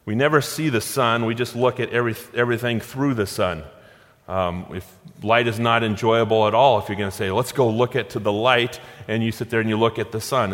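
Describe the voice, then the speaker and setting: An earnest male pastor delivers a sermon, leaning on repeated phrases and stories from his own life. His voice sits at an ordinary middle pitch. It rings out with the long reverb of a church hall. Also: fairly bright tone.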